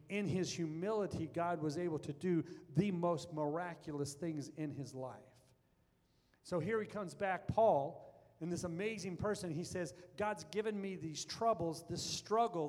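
A man preaching a sermon as pastor, earnest and building to fervent emphasis. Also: high voice. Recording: long reverb of a large hall.

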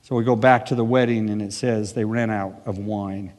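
A man's voice: lowish voice, steady tone, moderate pace, darkish tone, in a large hall. A man preaching a sermon earnestly, with conversational asides. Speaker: pastor.

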